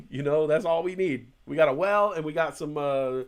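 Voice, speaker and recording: A man's voice: on the high side, normal speed. A man co-hosting a live stream in casual chat, rambling and swearing, often restarting his sentences. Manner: rambling, profane, frequent restarts.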